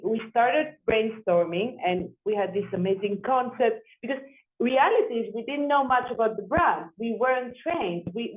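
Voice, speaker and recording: Woman architect with tinny phone-like sound. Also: mid-range voice. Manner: repeats and restarts words, animated. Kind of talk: storytelling in an interview.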